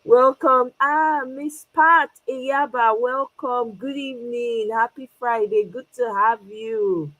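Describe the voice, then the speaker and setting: A Nigerian woman hosts a casual livestream, greeting viewers by name, laughing often and switching between English and Pidgin. Her voice is fairly high and a bit bright, slow with few pauses. The recording is rough.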